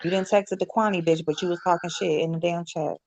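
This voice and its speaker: A woman's voice: quick pace, no echo. Brash, profane woman on a livestream. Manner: animated, profane, mimics others with high-pitched voices. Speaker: livestream panel host. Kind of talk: casual livestream chat. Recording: dull lo-fi stream audio.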